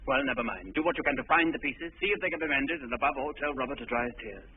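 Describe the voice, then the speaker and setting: An actor playing a brisk, breezy upper-class husband in a 1940s film drama, teasing and quick to scold. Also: male voice, medium pitch, a little hiss or hum, close to an everyday voice. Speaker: husband and master of the house. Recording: tinny old film soundtrack under music.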